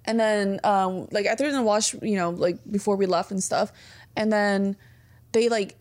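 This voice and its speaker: A woman co-hosting a podcast, telling stories in a profane, animated way. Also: mid-range voice, normal speed. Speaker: podcast co-host. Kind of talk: casual chat.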